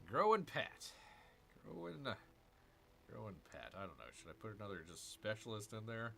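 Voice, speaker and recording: A man's voice: lowish voice, sing-song, moderate pace, vocal fry, fairly bright tone, slight background noise. A man hosting a casual let's-play, chatting with viewers and muttering to himself over his moves. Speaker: gaming channel host.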